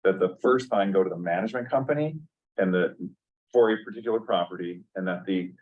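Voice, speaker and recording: A man chairing a public appeals board meeting, speaking in a measured way with many pauses. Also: sits low, recorded from a distance, phone-quality sound.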